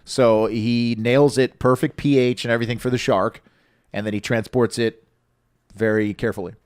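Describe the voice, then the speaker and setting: A man's voice: medium pitch, normal speed, clear, resonant tone, no echo. Guy cohosting a podcast, swears a lot, gets all worked up telling stories, dry mic. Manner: animated, swearing storyteller. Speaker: podcast co-host. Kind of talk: casual podcast chat.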